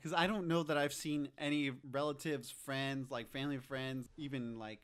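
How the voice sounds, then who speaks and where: A man's voice: medium pitch, fairly even intonation, normal speed, fairly bright tone, smooth. A man co-hosting a casual movie podcast, chiming in with easygoing agreement and asides. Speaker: podcast co-host. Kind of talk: casual movie recap chat.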